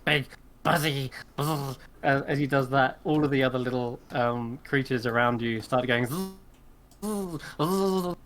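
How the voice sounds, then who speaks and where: A man's voice: medium pitch, level tone, moderate pace, fairly bright tone. A man acting as game master for a tabletop game. He narrates loosely and offhandedly, with a middling voice.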